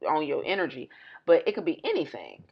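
A woman's voice: sits low, very animated, fairly quick, husky, lo-fi sound. A woman co-hosting a podcast in casual chat, telling stories and laughing often. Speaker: podcast co-host.

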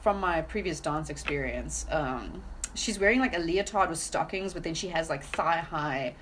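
A woman's voice: deep voice, normal speed, a bit bright. A woman co-hosting a casual film chat, talking freely with laughter and swearing. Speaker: podcast co-host. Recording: noisy home recording.

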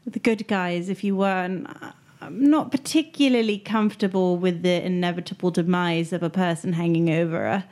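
A woman playing in a tabletop game, speaking in a measured, slightly formal way. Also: lowish voice, darkish tone. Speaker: player. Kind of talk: casual tabletop chat.

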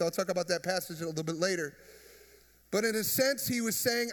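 Pastor, male, high voice, casual joking sermon style, long church reverb. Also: fairly quick. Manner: conversational preaching with jokes and crowd questions.

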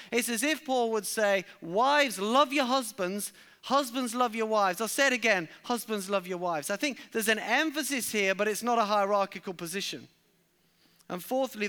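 Male preacher, sermon, high voice, smooth and resonant, emphatic. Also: bright, forceful tone. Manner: emphatic, repeats key lines for stress.

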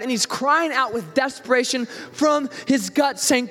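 A man's voice: extremely high pitch, unhurried, few pauses, pushed and bright, big-room sound. A man who is a youth pastor, preaching a conversational sermon and acting out the prayers and voices he quotes.

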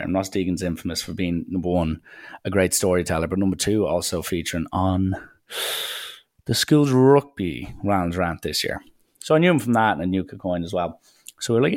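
A young man tells a holiday story in a chatty, animated way and acts out what people said. His voice sits low. The sound is dry and close to the mic. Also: fairly quick, no room sound. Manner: chatty, animated anecdotes with acted quotes. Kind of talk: casual storytelling.

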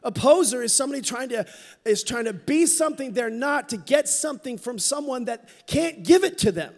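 A middle-aged man preaching a sermon in a church, telling a personal story with candor and dropping to a hush at tender moments. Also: extremely high pitch, expressive, a little fast. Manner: candid, storytelling, drops to a hush for quoted moments. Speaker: pastor. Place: church sanctuary. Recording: long hall reverb.

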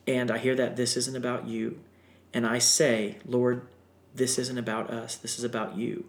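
Guy telling a story on a podcast, gets animated and emotional, roomy echo. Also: mid-range voice, gravelly. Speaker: guest singer.

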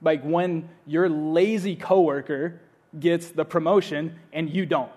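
A man preaching a sermon, earnest, repeating his phrases and swinging between loud urging and hushed appeals. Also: on the high side, fairly even intonation, unhurried. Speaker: pastor.

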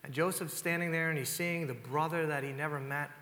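High, bright-voiced pastor retelling a story. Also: male voice, steady tone, fairly quick. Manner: conversational, retells scripture in his own casual words. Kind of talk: storytelling sermon. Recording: long hall reverb.

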